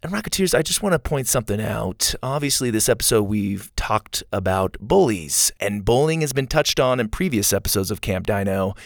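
A man's voice: medium pitch, no echo, clean studio sound. A man hosting a children's story show, reading aloud and talking to young listeners in an upbeat, direct way. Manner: warm, upbeat and direct to kids. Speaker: storyteller host.

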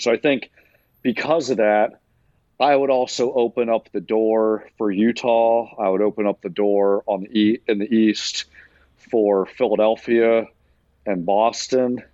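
Low-voiced man weighing caveats. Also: no echo, muffled recording. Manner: measured, hedging with caveats. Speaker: NBA writer, guest. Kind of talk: casual sports analysis.

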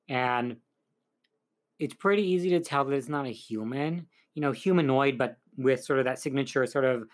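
Chatty man rambling through a film recap. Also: mid-range voice. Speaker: film reviewer.

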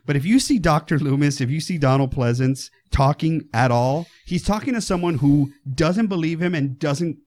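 A man co-hosting a casual film discussion podcast, talking in an animated way, swearing and acting out quotes. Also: fairly high pitch, moderate pace, few pauses. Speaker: podcast co-host.

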